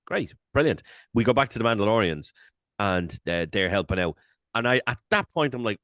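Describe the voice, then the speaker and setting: A man co-hosting a casual podcast chat, animated, swearing and acting out his own reactions. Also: on the low side, a little fast, no room sound, studio quality. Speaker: podcast co-host.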